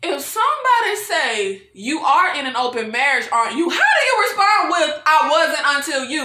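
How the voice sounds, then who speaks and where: A woman's voice: high-pitched, very animated, normal speed, few pauses, pushed and bright, roomy sound. A woman vlogger recapping a TV episode in a casual, exasperated rant, calling her viewers "y'all", swearing and laughing between lines. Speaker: TV review vlogger.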